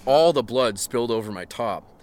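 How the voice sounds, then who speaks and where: A man on a comedy podcast reading fan fiction aloud in a mocking, deadpan tone, breaking off for jokey asides. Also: medium pitch, moderate pace.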